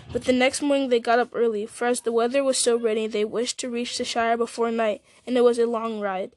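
A woman reading a novel aloud, steady, with small slips and restarts. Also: fairly high pitch, dry recording. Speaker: audiobook reader.

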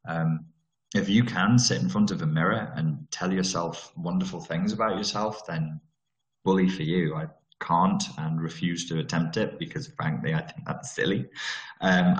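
A man's voice: deep voice, normal speed, reverberant, rough recording. A man talking frankly over a video call about trauma recovery, digressing and restarting his sentences. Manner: candid and digressive, with frequent restarts.

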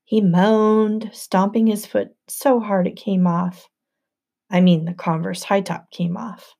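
Woman audiobook narrator, warm mellow tone, even first-person storytelling. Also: mid-range voice, takes it slowly, gravelly.

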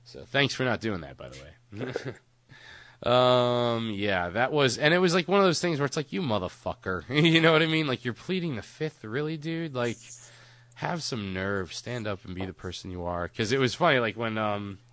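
A man's voice: medium pitch, expressive, normal speed, fairly bright tone, no room sound. A man co-hosting a podcast, chatting casually and rambling, with frequent laughs and casual swearing. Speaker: podcast co-host.

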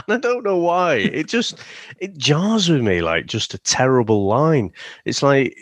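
A man's voice: mid-range voice, animated, slow pace, pauses often, no echo. A man co-hosting a casual film review chat, rambling through the plot and laughing often. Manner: rambling, laughs often, drops into silly voices. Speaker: podcast co-host.

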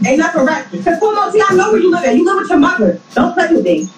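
A woman arguing on a live stream in a brash, taunting, profane way with quick comebacks. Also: extremely high pitch, sing-song, a little hiss or hum. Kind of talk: heated argument. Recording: echoey and distant with faint ambience.

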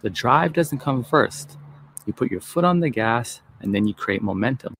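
A man with a gravelly voice giving a punchy, direct motivational speech in a played clip. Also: medium pitch, lively intonation, moderate pace, fairly bright tone, slight background noise. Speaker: motivational speaker.

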